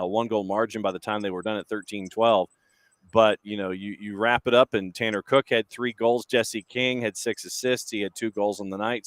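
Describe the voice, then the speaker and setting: A male sports analyst with a lowish, smooth and resonant voice. He breaks down a game in a measured, analytical way, and the sound is dry and close. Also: no room sound. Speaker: guest lacrosse analyst.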